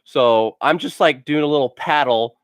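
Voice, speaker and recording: A man's voice: a little high, normal speed, dry recording. A man telling funny stories for a casual vlog. He rambles and fills his sentences with "like", and laughs at his own stories. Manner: rambling, full of "like" fillers. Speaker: gaming channel host.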